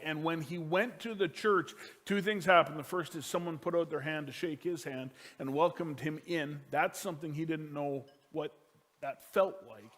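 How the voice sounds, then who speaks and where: With a fairly high-pitched voice, a pastor delivers a sermon about his family, his volume falling from forceful emphasis to quiet, hushed words.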